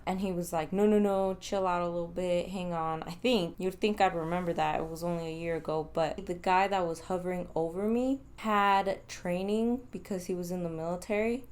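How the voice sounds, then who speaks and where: A young woman vlogger telling a casual story, animated and swearing freely, laughing now and then. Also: fairly low pitch.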